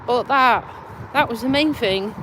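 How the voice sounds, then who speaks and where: A woman's voice: on the high side, a little slow, noisy background. A woman with a Lincolnshire accent chatting bluntly on a live stream while walking outdoors, out of breath and stuffy with a cold. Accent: Lincolnshire English. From Lincolnshire, England. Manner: chatty and blunt, swears casually. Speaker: vlogger and community nurse. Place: outdoors by a tidal river bridge.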